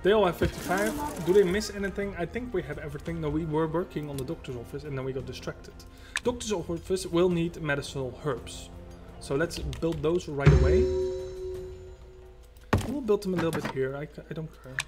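Loud game music fills the background as a man narrates his own gameplay as a let's play host. His voice sits on the high side and moves fairly fast, and he rambles, chatting to himself and the game.

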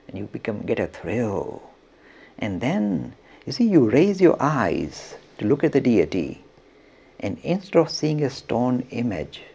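A man teaching religion through an animated storytelling lecture, now and then chuckling as he talks. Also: lowish voice, gravelly, husky. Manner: animated, chuckles while telling.

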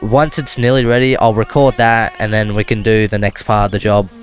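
Brisk and level in tone, the man's lowish voice carries an Australian accent. Hosting a gaming video, he rambles loosely through gameplay commentary and often corrects himself mid-sentence, while a car engine hums behind.

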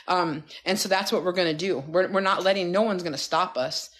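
A woman's voice: fairly low pitch, brisk, hardly any pauses. A woman coach on a phone livestream, giving a fired-up, profane pep talk to her followers. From United States. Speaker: wellness coach.

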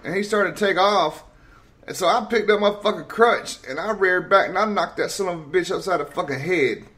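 Loud, profane man telling stories. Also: high voice, fairly quick. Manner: loud, profane and laughing often. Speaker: host. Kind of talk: casual profane storytelling.

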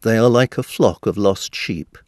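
A man voicing a calm, authoritative male teacher in a scripture reading, measured and even. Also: lowish voice, no room sound, clean studio sound, lightly acted.

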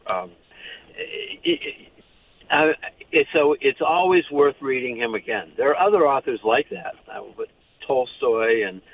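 Older man, halting, wry, restarts often, tinny phone line. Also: mid-range voice. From United States. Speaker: author and pediatrician, guest. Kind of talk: casual interview talk.

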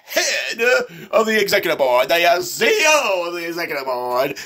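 A man's voice: sits high, sing-song, normal speed, sharp tone, exaggerated voice. A man doing a pompous corporate board chief.

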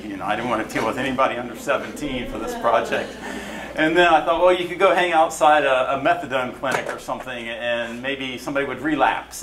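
A man's voice: medium pitch, a bit bright. A middle-aged man telling a story to an audience at an event, acting out the dialogue as he goes. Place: event hall. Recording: echoey room with faint noise.

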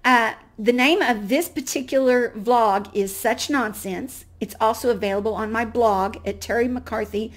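A middle-aged woman hosting a vlog, telling a personal faith story and acting out the dialogue, her voice swinging from hushed to loud and excited. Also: on the high side, a little slow, few pauses. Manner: animated, gets loud and excited retelling dialogue. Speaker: vlog host.

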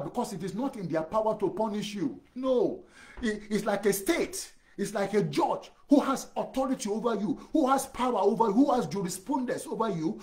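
A man preaching a sermon as pastor, emphatic, repeating phrases and speaking straight to the listener. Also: sits high. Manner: direct address to the listener.

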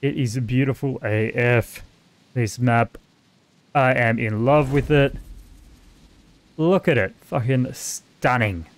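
A man's voice: medium pitch, slow pace, long pauses. A man with an Australian accent doing casual, profane let's-play commentary and talking back to the game's characters. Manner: casual, swears freely, chats to the game characters. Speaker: gaming host.

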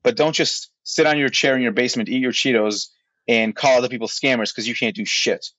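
A man in the middle of a podcast rant, blunt and exasperated, swearing as he pushes his point. His voice sits at an ordinary pitch. The audio is dry and a little muffled, like a lo-fi recording. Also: steady tone, brisk, fairly bright tone, dry recording. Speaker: podcast co-host. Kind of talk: heated rant in casual podcast chat.

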